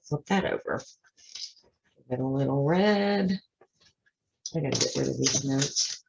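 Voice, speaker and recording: A woman's voice: rumbling low, lively intonation, unhurried, creaky, background noise. A woman hosting a casual card-making tutorial at her craft desk, chatting her way through each step with self-deprecating asides. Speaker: craft channel host. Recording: slightly dull lo-fi sound.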